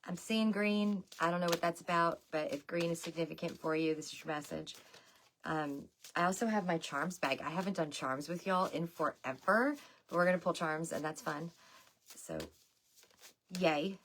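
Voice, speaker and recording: A woman with a notably low voice talks her viewers through a tarot reading. She is loose and chatty and keeps checking in with them as y'all. A faint noise sits under the recording. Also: normal speed, fairly bright tone. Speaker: tarot reader. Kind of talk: casual livestream tarot reading.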